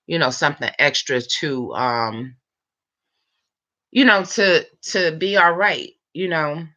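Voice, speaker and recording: A woman of about fifty chatting late at night, telling a long story time in an animated, rambling way with lots of fillers. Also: a bass voice, muffled recording. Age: 50s. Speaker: vlogger.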